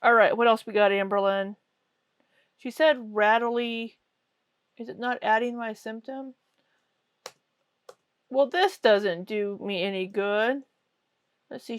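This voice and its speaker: Slow, sarcastic woman commentator. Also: fairly high pitch, no room sound, dull audio. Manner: sarcastic, mocking. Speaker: commentary host.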